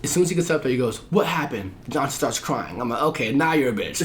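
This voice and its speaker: Animated, profane male podcast guest. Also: on the high side, normal speed, few pauses, a crowd in the background. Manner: animated, profane, acts out quoted voices. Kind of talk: casual storytelling.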